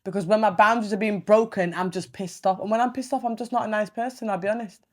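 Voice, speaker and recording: A woman's voice: mid-range voice, quick pace. Blunt swearing woman podcaster. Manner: blunt, swears a lot, animated storytelling. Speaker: podcast host. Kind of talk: casual solo podcast monologue.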